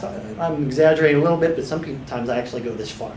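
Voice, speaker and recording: A man teaching a small class of hypnotherapy students, sometimes slipping into a slow, authoritative guided-imagery voice. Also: on the high side, steady tone, slight background noise. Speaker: hypnotherapy trainer. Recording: echoey room.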